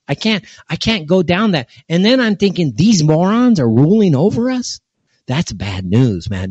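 A male talk radio host delivers a scornful, exasperated monologue, breaking into short laughs along the way. His pitch leaps high and drops low as he rants. The sound is muffled and lo-fi, with a dry, close feel. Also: breathy edge, dry recording.

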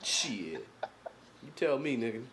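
A man's voice: mid-range voice, big pitch swings, takes it slowly, background noise. A man from co-hosting a podcast, telling loose, slangy, profane stories and jokes in casual chat. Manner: loose, joking, slangy storytelling. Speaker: podcast co-host.

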